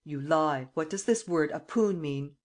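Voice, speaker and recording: A woman voicing a suave mocking gentleman thief. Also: low-pitched. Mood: stern. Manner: teasing, brisk, commanding. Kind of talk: audiobook reading.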